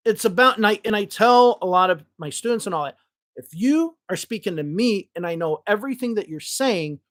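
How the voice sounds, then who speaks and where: A man's voice: high voice, lively intonation, a little fast, fairly bright tone. A man from Chicago with a Northwest suburban Chicago accent, hosting a podcast as an English teacher in casual, blunt and profane chat that rambles with restarts. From Chicago, United States.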